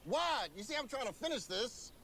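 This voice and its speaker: An actor playing a harsh, dismissive middle-aged father in a scripted web drama, barking orders gruffly. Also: extremely high pitch, sing-song, normal speed, fairly bright tone, a little hiss or hum, exaggerated voice. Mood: irritated.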